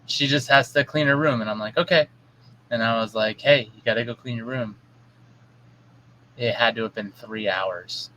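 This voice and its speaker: Casting: bright-voiced, blunt man, casual podcast co-host who swears freely. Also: mid-range voice, fairly even intonation, moderate pace, rough recording. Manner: blunt, swears, acts out his stepdaughter in quotes. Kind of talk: casual chat.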